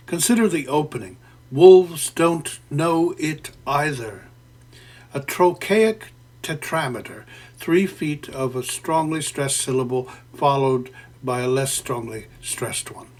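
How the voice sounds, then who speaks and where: A man giving a spoken close reading of a poem, deliberate and professorial, pausing often with "uh" and correcting himself as he explains. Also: medium pitch, animated. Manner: deliberate and professorial, with frequent "uh" fillers and self-corrections. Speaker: poetry lecturer. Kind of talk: spoken literary analysis.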